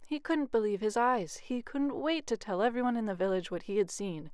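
Woman, bedtime storyteller, expressive with hushed stretches, dry sound. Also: a little high, brisk, clean tone, no echo. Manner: expressive, often hushed narration. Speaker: youth ministry coordinator.

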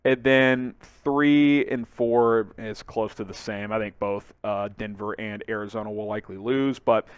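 Excitable man hosting a sports channel. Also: fairly low pitch, a little slow, few pauses, smooth, dry recording. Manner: animated, excitable, fillers. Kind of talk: casual sports commentary to camera.

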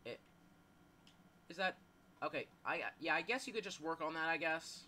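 A man's voice: fairly high pitch, normal speed, bright, forceful tone, slight background noise. A man giving live gameplay commentary, panicking, yelping and swearing at the game, then rambling with lots of fillers. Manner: rambling with many fillers and restarts. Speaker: gaming YouTuber.

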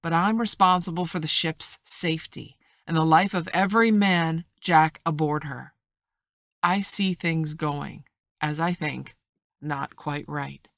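A woman's voice: low-pitched, a bit bright, dry recording, clean studio sound. A woman reading a stern, blunt sea captain. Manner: clipped, firm and formal. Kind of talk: audiobook reading.

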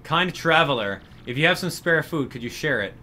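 A worried village mother from a video game asks a stranger for help, read aloud by a man. The voice is bright and lively, swinging widely in pitch. The lines come out plainly, with little put-on flair. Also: moderate pace. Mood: pleading.

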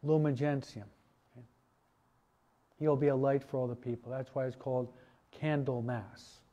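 A man, a priest, teaching a parish catechesis class in a relaxed, conversational way, asking his listeners questions. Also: mid-range voice, normal speed, highs cut off. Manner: conversational, asks the audience questions, many restarts and asides. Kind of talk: informal parish teaching talk.

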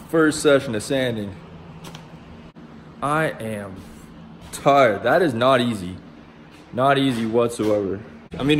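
A man vlogging in a casual, excitable way, chatting to his viewers and to his dogs, with the odd curse thrown in. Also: mid-range voice, slight background noise. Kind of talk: casual vlog talk to camera.

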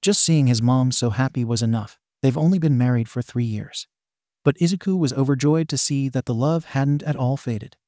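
A man reading a fanfiction story as scripted narration in a steady, even way. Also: mid-range voice, normal speed, dry recording, studio quality.

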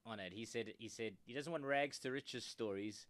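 A man co-hosting a comedy podcast, joking in a dry way and often trailing off quietly. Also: medium pitch, moderate pace, no room sound. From South Africa. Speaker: podcast co-host. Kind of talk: casual comedy chat.

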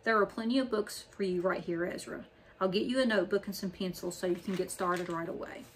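A gracious bookshop owner who stays calm and firm, as a woman reads her lines. Her middle-pitched voice is measured and polite. Faint noise hums under the recording. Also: lightly acted. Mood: firm, kind. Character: kind, firm older female shop owner. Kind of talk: audiobook character reading.

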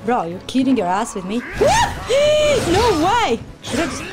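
A woman streaming a game playthrough, yelling and squealing in excited reactions as she plays. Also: high-pitched, a little slow. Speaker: gameplay streamer. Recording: loud game music behind.

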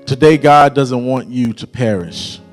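A man preaching a sermon in a church, rising into a shouted, chanted whooping cadence and drawn-out phrasing. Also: medium pitch, soft background music. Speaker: pastor. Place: church sanctuary.

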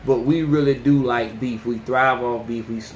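A man hosting a podcast, ranting casually and with plenty of profanity, who often jumps into high yelling voices to mimic people. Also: fairly even intonation, normal speed, reverberant, lo-fi sound, slight background noise. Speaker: podcast host. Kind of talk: casual opinion rant.

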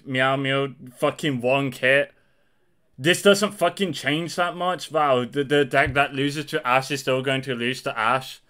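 A man's voice: medium pitch, bright, forceful tone, clear, resonant tone. A man reacting live to card game news, exasperated and angry, swearing heavily. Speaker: card game content creator.

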